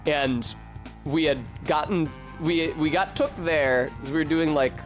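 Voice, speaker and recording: A man's voice: fairly high pitch, measured pace. A young man streaming a video game, rambling in casual chat with a sardonic, swearing manner. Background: faint game music.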